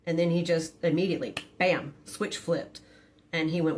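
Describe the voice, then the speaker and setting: A woman's voice: low-pitched, little pitch movement, brisk, darkish tone, slight background noise. A middle-aged woman, frankly telling a personal story to her phone camera with many hesitant fillers. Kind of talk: candid storytime monologue.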